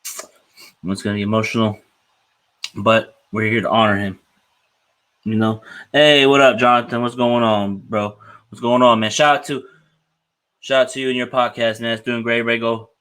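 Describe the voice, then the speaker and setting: A man's voice: lowish voice, little pitch movement, moderate pace, pauses often, a bit bright. A man hosting a casual sports podcast who talks in an emotional, repetitive way and keeps ending phrases with "man". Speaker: podcast host.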